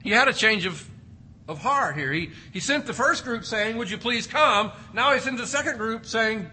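A man's voice: extremely high pitch, expressive, normal speed, pushed and bright, husky. A man preaching an expository sermon, emphatic and repeating key words for stress. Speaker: pastor.

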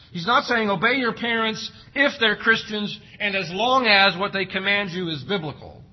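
Husky-voiced man preaching a sermon. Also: a little high, dull audio. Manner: emphatic, rhetorical questions, acts out parents' sayings. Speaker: pastor.

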